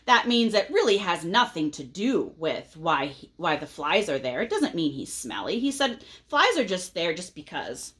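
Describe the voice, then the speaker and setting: A woman reading a picture book aloud to children, pausing to ask them questions in a gentle, teacherly way. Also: on the low side, sing-song.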